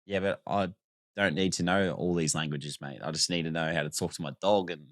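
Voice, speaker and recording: A man's voice: low voice, steady tone, brisk, no room sound, clean studio sound. A man on a podcast giving short, emphatic, blunt answers. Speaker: podcast co-host. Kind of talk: casual banter.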